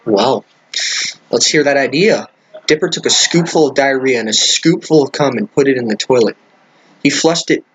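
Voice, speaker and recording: A comedic reader reads a crude fan fiction aloud, stumbling over words and stopping to add incredulous, profane commentary. His voice is medium-pitched and slightly rough.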